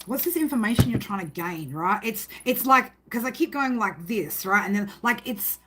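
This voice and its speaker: A woman's voice: mid-range voice, expressive, moderate pace, a bit bright, slight background noise. A woman giving a casual spoken tarot reading, rambling and emphatic, swearing freely and often tagging her sentences with "right?". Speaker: tarot reader.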